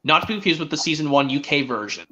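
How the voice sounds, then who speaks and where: A man hosting a stream, chatting excitedly as a fan and rambling with frequent restarts. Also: a little high, fast talker. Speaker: stream host. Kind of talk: casual fan chat. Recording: dull lo-fi stream audio.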